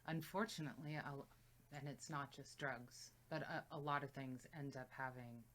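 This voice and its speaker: A woman with a strikingly deep but bright, forceful voice co-hosts a casual reaction chat. She speaks thoughtfully and reflectively. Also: steady tone, normal speed, a little hiss or hum. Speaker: reaction channel co-host.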